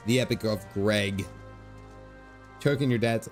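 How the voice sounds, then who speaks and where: A man's voice: mid-range voice, normal speed. A man chatting casually while livestreaming a video game, telling stories with laughs and asides. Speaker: gaming livestreamer. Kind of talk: casual chat over gameplay. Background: faint game music.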